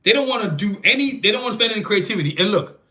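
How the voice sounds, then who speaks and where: Rapid-fire and high-voiced, this solo podcast host talks in an animated, slangy way, veering into heated, opinionated asides. He's recorded on a phone camera.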